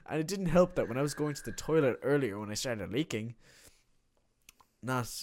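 A young man in casual chat, telling an animated story and laughing often. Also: medium pitch, normal speed.

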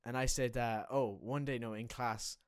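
A man's voice: medium pitch, fairly even intonation, normal speed, smooth, no echo, clean studio sound. A young Irish man chatting casually, rambling and correcting himself as he tells a story. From Ireland. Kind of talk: casual chat.

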